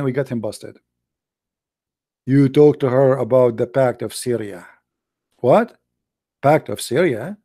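A dark-toned, medium-pitched male voice, recorded at studio quality with no echo, belongs to an English-speaking debate show host. In broken English he argues sarcastically and combatively over religion in a heated debate, often restarting what he says.

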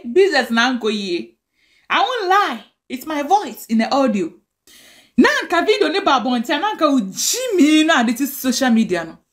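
A Ghanaian woman with a Ghanaian accent, ranting angrily and scolding in a direct-to-camera video. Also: sits high. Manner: angry, scolding rant mixing languages.

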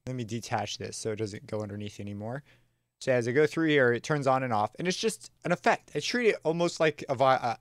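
A man teaching a casual music production tutorial, talking in a relaxed, chatty way with slang and plenty of fillers and self-corrections. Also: mid-range voice, dry recording, clean studio sound. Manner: enthusiastic, uses slang. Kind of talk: casual screen-recorded software tutorial.

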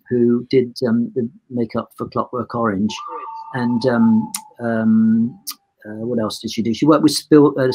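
A man in his sixties, a photographer guest on a podcast, rambles through a long casual anecdote, acting out the dialogue and restarting sentences. His voice is medium-pitched with a darkish tone. The low-quality recording has slight background noise.

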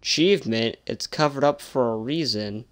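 A man's voice: medium pitch, moderate pace, fairly bright tone. A young man casually commenting on a horror game he is playing, sarcastic and jumpy, swearing often. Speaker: gameplay streamer.

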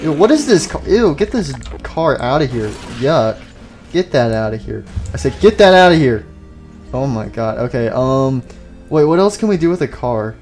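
A young man giving casual, excitable commentary on his own gameplay, with loud outbursts and goofy jokes. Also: medium pitch, normal speed, soft background music. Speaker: gaming YouTuber.

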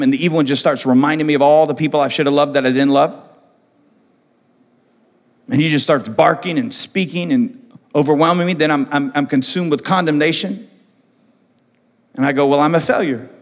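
A male pastor preaching a sermon with passion, repeating phrases, swinging from hushed tones to loud. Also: fairly high pitch. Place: church hall. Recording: church hall with long reverb, soft music.

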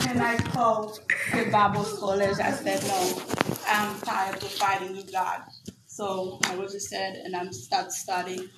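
Animated woman pastor telling her testimony. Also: mid-range voice, a little slow, reverberant, heavy background noise. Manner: animated storytelling, acting out dialogue. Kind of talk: spoken testimony at a graduation service.

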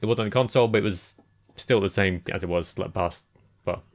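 Fast-talking deep-voiced man, casual chat. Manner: quick, laughs often, agreeable. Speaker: podcast co-host.

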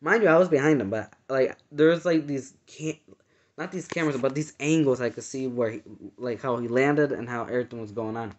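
A man earnestly recounting a dream in casual, halting speech full of fillers and restarts. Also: mid-range voice. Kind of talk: casual personal storytelling. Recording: dull lo-fi sound.

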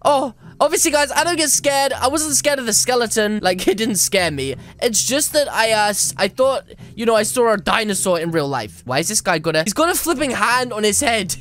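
A woman's voice: a little high, very animated, a little fast, a bit bright. A woman making a gameplay video, narrating with dramatic commentary, scolding other players and letting out yelps and shrieks.

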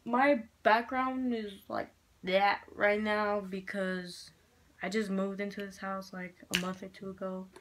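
A woman's voice: medium pitch, steady tone, a little slow, a bit bright. Chatty sick young woman, foul-mouthed. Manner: chatty, frank, swears a lot. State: sick, slightly hoarse. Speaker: beauty vlogger. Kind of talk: casual makeup chit-chat. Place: room at home with poor lighting. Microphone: handheld mirror in one hand, camera fixed.

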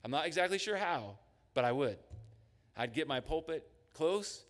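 Animated man preaching in a reverberant church. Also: a little high, moderate pace. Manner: animated, acts out voices of God and listeners. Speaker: pastor. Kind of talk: sermon. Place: church sanctuary.

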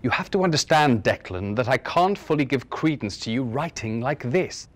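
A man doing a calm, formal schoolteacher. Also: mid-range voice, moderate pace, lightly acted. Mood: earnest. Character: measured male schoolteacher, patient and formal. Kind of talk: dramatic reading of a short story.

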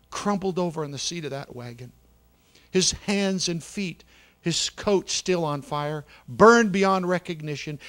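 A man telling a story in a sermon with great drama, swinging from loud, urgent bursts to hushed near-whispers. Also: fairly high pitch. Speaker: pastor. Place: church sanctuary.

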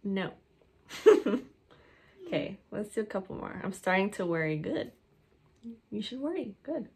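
A woman's voice: medium pitch, big pitch swings, measured pace, darkish tone, husky. A young woman casually chatting to viewers while pranking her boyfriend, laughing often and making playful asides. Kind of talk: casual prank vlog chat.

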